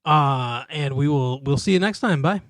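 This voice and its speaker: A man co-hosting a casual movie-review podcast, animated and irreverent, laughing often. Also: a little high, moderate pace, no room sound. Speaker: podcast co-host.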